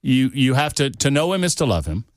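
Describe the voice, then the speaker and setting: A man's voice: medium pitch, sing-song, brisk, dry recording. Chatty male radio co-host, dry studio. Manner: chatty, teasing, conspiratorial. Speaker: radio show regular, political commentator. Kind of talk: casual radio banter. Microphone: studio microphone.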